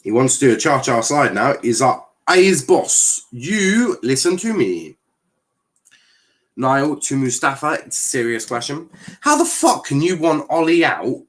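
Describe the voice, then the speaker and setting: Lively, sweary man streaming a watchalong. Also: medium pitch. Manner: animated, sweary, reacts to play and chat messages. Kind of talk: casual live match commentary and chat.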